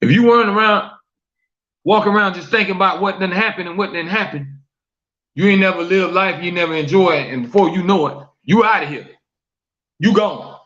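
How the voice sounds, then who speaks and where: High-voiced man hosting a live stream. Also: fairly quick, a bit bright, dull audio. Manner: asks viewers questions, reads chat comments aloud; preachy, repeats questions for emphasis. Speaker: talk show host. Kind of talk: live-stream talk show monologue.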